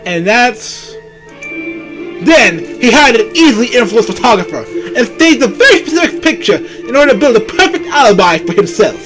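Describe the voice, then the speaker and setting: A man's voice: very high-pitched, big pitch swings, moderate pace, a bit bright, faint music behind, exaggerated voice, rough recording. A man voicing a confident bird defense attorney in a courtroom game, laying out an accusation theatrically. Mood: accusing.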